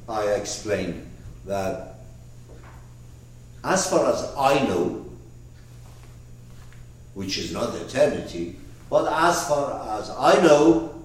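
A man teaching a lecture on a classic poet's book, emphatic and animated, often restarting and repeating words. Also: mid-range voice. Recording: echoey room from far off.

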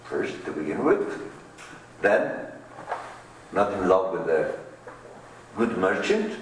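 Slow, lively-voiced man lecturing in an echoey room. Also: sits low, far from the mic, slight background noise. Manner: slow, thoughtful, with many pauses and questions to the class. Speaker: teacher of Rumi's poetry. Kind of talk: lecture to a class.

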